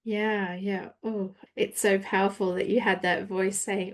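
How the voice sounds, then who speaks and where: Host: woman, mid-pitched voice, effusive and rambling questions, podcast interview. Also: level tone, takes it slowly, hardly any pauses. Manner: effusive, many fillers like "like".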